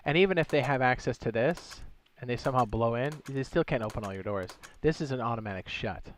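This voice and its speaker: A man's voice: mid-range voice, animated, a little fast, slight background noise. Chatty male gaming streamer. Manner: chatty, loose, thinks aloud while building. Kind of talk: casual gaming livestream commentary.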